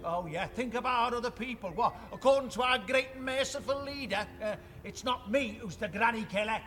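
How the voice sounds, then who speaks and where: A man's voice: very high voice, brisk, a bit bright. An actor playing a stubborn, sarcastic 86-year-old father who grumbles and defies everyone. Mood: bitter. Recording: outdoor performance with crowd noise.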